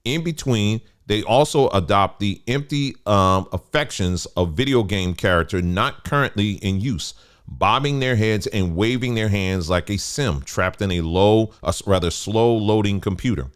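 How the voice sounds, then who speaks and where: Low-voiced man reading with heated asides. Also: normal speed, clear, resonant tone. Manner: conversational, stops to add remarks, gets heated. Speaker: commentary host. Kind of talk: reading an article aloud with commentary.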